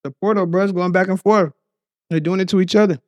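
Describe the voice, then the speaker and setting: A young man from the Bay Area with a Bay Area accent, talking in a slangy, rambling, animated way as a podcast guest. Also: high-pitched, quick pace, no room sound, muffled recording. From San Francisco Bay Area. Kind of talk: casual chat.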